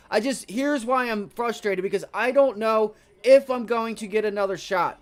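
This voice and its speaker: A man's voice: extremely high pitch, fairly quick, few pauses. A man streaming live day trades, venting with profanity and repeating himself in short bursts as he watches the chart. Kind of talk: live trading commentary.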